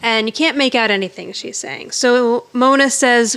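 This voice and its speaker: A woman's voice: fairly high pitch, moderate pace, fairly bright tone, smooth. A woman co-hosting a podcast, casually recapping a sitcom episode and quoting the characters. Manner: recounts scenes, quoting characters with a laugh. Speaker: podcast co-host.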